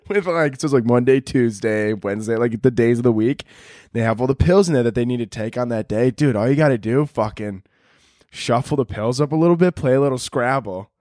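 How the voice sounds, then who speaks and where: A man's voice: mid-range voice, fairly quick, a little mellow, no room sound, clean studio sound. A young man hosting a podcast, delivering a crude, rambling comedic monologue and laughing at his own jokes. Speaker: podcast host.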